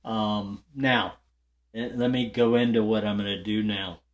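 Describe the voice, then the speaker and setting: A man's voice: on the low side, steady tone, measured pace. An older man who hosts a guitar channel, telling viewers a casual, rambling story full of fillers and restarts, with light laughs along the way.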